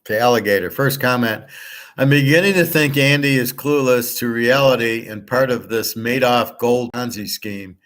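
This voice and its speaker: Brief: male show host, middle pitch, venting and swearing in a casual monologue. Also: moderate pace, fairly bright tone. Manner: profane, fed-up, reads his own comments aloud. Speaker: sports betting and gold commentary host.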